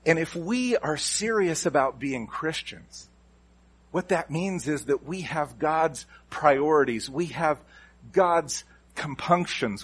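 A man delivers a sermon as a pastor. His voice is husky with a slightly breathy edge. He presses his points hard, repeating key lines and moving the stress from word to word. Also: on the high side, animated, slow pace, a bit bright. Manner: emphatic, repeats key phrases with shifting stress.

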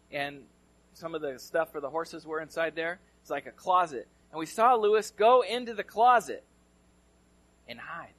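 A male pastor from California, whose voice is fairly high, preaches a sermon. He tells a story conversationally, swinging between loud and hushed delivery.

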